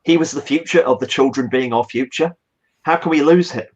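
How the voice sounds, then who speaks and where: A man's voice: medium pitch, brisk, husky, dull audio. A man playing a government adviser in a tabletop role-play, speaking earnestly and hesitantly. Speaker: player.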